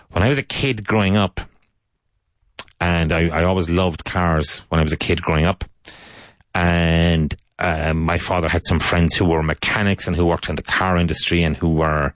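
A low-pitched Irish man gives an English lesson, repeating each phrase slowly and clearly so learners can follow. His voice is recorded close and dry, with no room sound behind it. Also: fairly bright tone, dry recording. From Ireland. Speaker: English teacher. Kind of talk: language lesson monologue.

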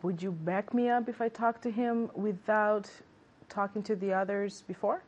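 A woman student translating sentences aloud, often pausing and correcting herself. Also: mid-range voice, steady tone, darkish tone. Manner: hesitant, tries answers aloud and laughs easily.

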